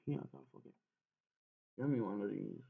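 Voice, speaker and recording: A young man streaming a game, swearing constantly and breaking into sudden loud outbursts. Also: lowish voice, moderate pace, vocal fry, heavy background noise. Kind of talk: casual game stream commentary. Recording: tinny phone-like sound.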